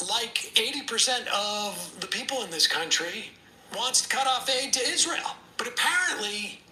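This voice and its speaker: A male co-host who jokes through casual political talk and reads messages aloud. His voice is bright. It sounds roomy, with a faint hum of ambience behind it. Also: high-pitched. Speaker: podcast co-host.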